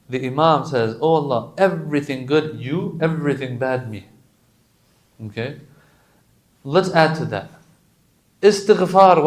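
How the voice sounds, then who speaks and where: A male preacher giving a sermon, switching between quick Arabic recitation and relaxed English explanation. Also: on the high side. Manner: chants Arabic lines rapidly then explains in casual English.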